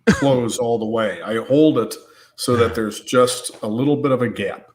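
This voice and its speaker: A man playing a tabletop role-playing game, cautious and asking about the rules. He talks at an average pitch, with faint noise in the background. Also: moderate pace. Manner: cautious, asks rules questions. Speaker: player.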